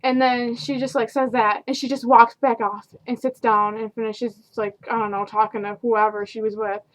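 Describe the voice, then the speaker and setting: A young woman who works at a fast food counter, telling stories about customers in a casual, sarcastic, exasperated vlog rant full of fillers. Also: a little high, level tone. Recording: dull lo-fi home video.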